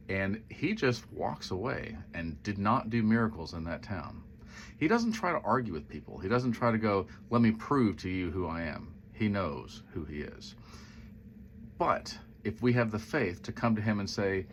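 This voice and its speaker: A man with a notably low, deep voice talks through a scripture passage in a relaxed, conversational way. He retells the story, slips into quoted voices and adds musing asides. A faint background ambience sits under his voice. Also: moderate pace, a little hiss or hum. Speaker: Christian social media speaker. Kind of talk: casual Bible reflection to camera.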